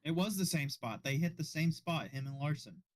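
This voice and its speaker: A man joking wryly in casual chat about a race, with a voice pitched a bit high. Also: lively intonation, moderate pace. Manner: wry, joking race commentary.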